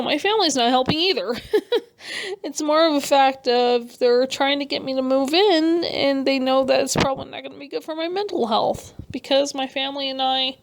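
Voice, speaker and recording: Woman with a gravelly vocal fry. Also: high voice. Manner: earnest, halting and emotional, with frequent restarts. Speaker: artist vlogger. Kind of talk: personal rant over a speed paint.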